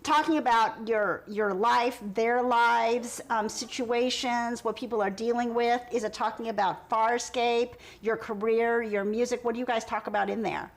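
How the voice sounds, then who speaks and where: A bubbly woman hosting a live stream, reading out chat comments and reacting with excited exclamations. Her voice sits a little high. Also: normal speed, hardly any pauses.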